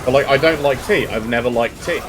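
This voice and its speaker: A man's voice: medium pitch, fairly quick, background noise. A British man chatting casually with viewers while streaming a game, joking and rambling as he talks. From Britain. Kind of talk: casual live-stream chat.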